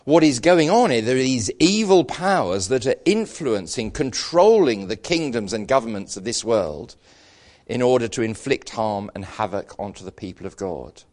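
A man's voice: medium pitch, very animated, normal speed, a little mellow. A middle-aged Englishman preaching a sermon, telling stories with self-deprecating humour.

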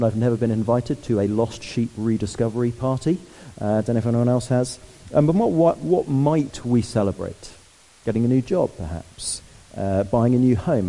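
A man preaching a sermon, lively and conversational, asking the congregation questions. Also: lowish voice, poor audio.

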